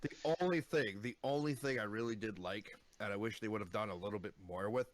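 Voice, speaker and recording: Man, podcast co-host, blunt casual talker, fairly low voice. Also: brisk, hardly any pauses, dry recording. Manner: blunt, swears casually, recounts scenes with bursts of excitement. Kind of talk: casual chat.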